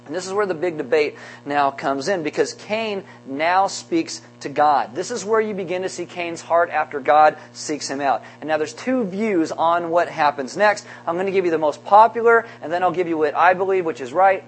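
A man's voice: high-pitched, normal speed, hardly any pauses, soft background music, rough recording. A man preaching a sermon to a congregation, conversational and wry, with joking asides between points. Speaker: pastor. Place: church sanctuary.

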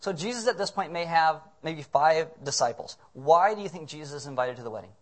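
Preaching with humor, this pastor brings his stories to life by performing the characters' voices. He speaks fairly quickly in a higher register.

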